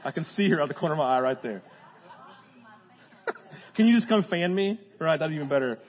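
Man, young adult, pastor, casual joking sermon, high voice, muffled lo-fi sound. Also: expressive, fairly quick. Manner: casual, joking, talks straight to the crowd. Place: church hall with a live congregation.

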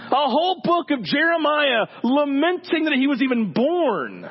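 A man preaching a sermon in an animated, joking way, acting out the voices of people he quotes. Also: very high voice, moderate pace. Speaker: pastor. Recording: dull sound with faint hum.

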